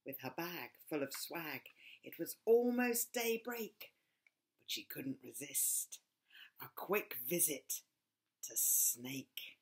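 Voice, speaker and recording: A woman reading her own picture book aloud for children, expressive, dropping to whispers and rising to loud cries. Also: deep voice, slow pace. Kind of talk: storybook read-aloud for children.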